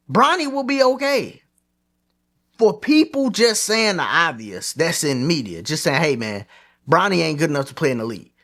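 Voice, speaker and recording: A man hosting his own sports commentary channel, giving his opinions in animated, slangy, casual talk. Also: sits high.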